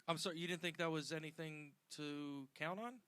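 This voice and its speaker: A man playing a slick young agency assistant who smooths things over in a bright, fairly high voice. His office patter stays calm and placating, recorded dry. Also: a little fast, no echo. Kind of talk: prank call.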